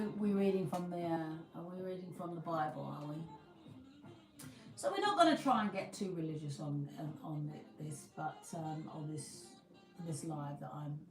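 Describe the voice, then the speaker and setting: Her pitch is fairly low and the mic sits at a distance, giving a roomy sound with faint music behind. She's a British livestream host in casual live chat with her viewers, rambling along and frequently starting over.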